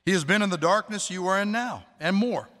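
A man preaching a sermon, earnest, slowing down to stress words and quoting scripture. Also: high-pitched, fairly bright tone. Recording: long hall reverb.

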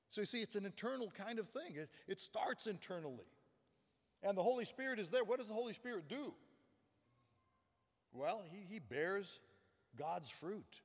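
A man's voice: high voice, animated, normal speed, pauses often, in a large hall. A man preaching a sermon as pastor, earnest and emphatic, often repeating words for stress.

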